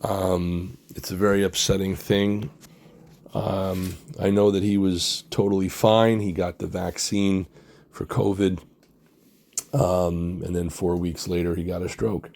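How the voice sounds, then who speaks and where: A man hosting his own channel, talking in a halting, grieving way with many fillers. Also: low voice, level tone, vocal fry, darkish tone. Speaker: comic artist and director, channel host. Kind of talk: personal tribute vlog.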